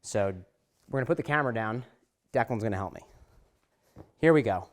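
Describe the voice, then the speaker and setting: A man talking to the camera in a garage, calmly explaining each step of polishing a car. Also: mid-range voice, a little fast. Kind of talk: casual how-to talk to camera.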